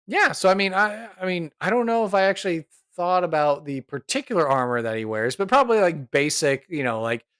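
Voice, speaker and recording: A man's voice: a little high, fairly bright tone, smooth, no echo. Rambling man narrating a tabletop game. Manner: rambling, many fillers, chuckles. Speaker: podcast host and player.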